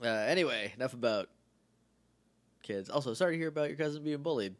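Animated man recapping a show. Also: medium pitch, fast talker. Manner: animated, acts out characters' lines mid-story. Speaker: podcast co-host. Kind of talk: casual chat recapping a TV episode.

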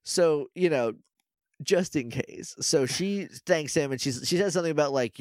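A man's voice: medium pitch, moderate pace, dry recording. Man recapping an episode, dry close sound. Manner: animated, acts out characters' lines while retelling. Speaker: podcast co-host. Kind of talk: casual chat recapping a show.

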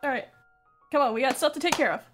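A woman playing a tabletop game, brisk and no-nonsense as she moves things along. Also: high-pitched, music in the background. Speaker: player. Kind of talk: casual tabletop play.

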